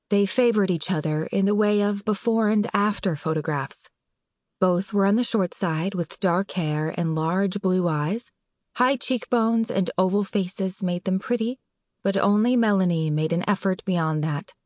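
A woman narrator reading an audiobook in a measured, clear way. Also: medium pitch, a little mellow, no room sound, studio quality. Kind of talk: scripted narration.

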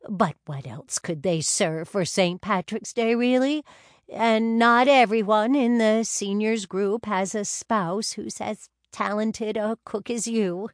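A woman's voice: mid-range voice, slow, no echo, clean studio sound, lightly acted. A woman narrator voicing a shaken older wife who speaks in a tremulous, slightly raised voice.

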